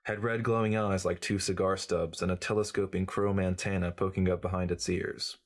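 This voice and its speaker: A man's voice: sits low, level tone, normal speed. A man reading as a glib, cynical journalist who lectures breezily in an audiobook. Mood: lecturing. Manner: breezy, lecturing, know-it-all.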